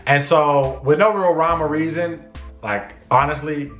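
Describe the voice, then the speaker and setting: A man casually telling a personal story to camera, acting out his own shouts and conversations. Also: on the high side, a little slow, roomy sound, faint music behind. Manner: animated, acts out his own shouts and dialogue. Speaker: vlogger.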